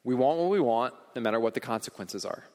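A man's voice: mid-range voice, lively intonation, fast, dark tone. Emphatic preacher man in a big hall. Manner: earnest and emphatic, repeats words as he goes. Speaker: pastor. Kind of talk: sermon. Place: church hall. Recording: long reverb in a large hall.

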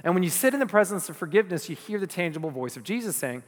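A male pastor preaching a sermon, moving between loud emphatic passages and soft, hushed ones. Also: sits high, very animated, very fast, few pauses, big-room sound. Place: church.

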